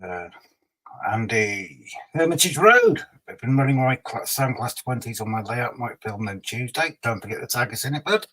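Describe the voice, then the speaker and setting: A man's voice: medium pitch, lively intonation, moderate pace, a bit bright, rough recording. A man hosting a casual livestream, reading out viewer comments and teasing them in a chatty way. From Scotland. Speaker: livestream host.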